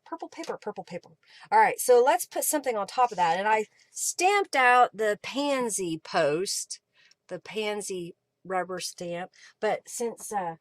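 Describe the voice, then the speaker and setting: A mid-range, fairly bright female voice belongs to a woman streaming live from her craft table. She keeps up a casual chat, voices her thoughts as she works, and reads and responds to what viewers write.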